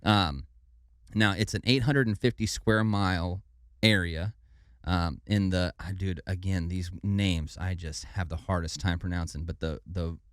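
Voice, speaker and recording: Speaking at a measured pace, this podcast co-host has a very deep, clear, resonant voice and recounts history in a relaxed way. He stumbles on foreign names and tosses in "dude" now and then, captured close-miked and dry with no echo.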